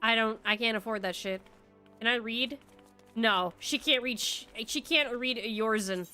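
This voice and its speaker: A woman's voice: fairly high pitch, moderate pace, bright, forceful tone, soft background music. A young woman streamer reacting casually and with frequent swearing as she plays a game. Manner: laughing, swearing, chatty reactions.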